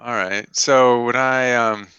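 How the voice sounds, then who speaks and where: Guy playing a tabletop game, super bright crisp voice, dry dull lo-fi audio. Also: medium pitch, fairly even intonation, takes it slowly, no echo. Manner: rambling, hedging with fillers. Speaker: player. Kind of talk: casual tabletop game play.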